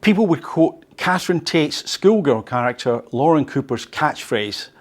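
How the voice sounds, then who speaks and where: A man hosting an English-learning show, reading an article aloud and adding conversational, animated asides. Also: fairly high pitch, normal speed. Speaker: podcast host teaching English.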